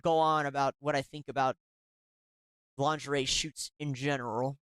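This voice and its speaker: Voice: mid-range voice, steady tone, moderate pace, fairly bright tone, clear, resonant tone, dry recording. A commentary show host reacting to emails read aloud, sarcastic and indignant, often restarting sentences.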